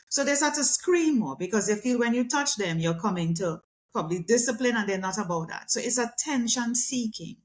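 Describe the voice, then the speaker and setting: A middle-aged woman speaking as a guest communication specialist in a conversational interview, animated and acting out quoted voices. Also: a little high, moderate pace.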